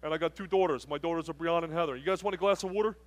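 A man's voice: a little high, rapid-fire, close to an everyday voice. A man putting on a brash Philly guy. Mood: chummy. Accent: Philadelphia.

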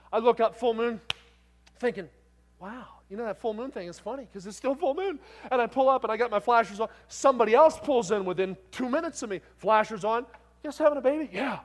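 A middle-aged male preacher with a fairly high voice tells a story from the pulpit. He acts out the voices in it and swings from loud, excited bursts down to soft, tender moments. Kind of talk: sermon with storytelling.

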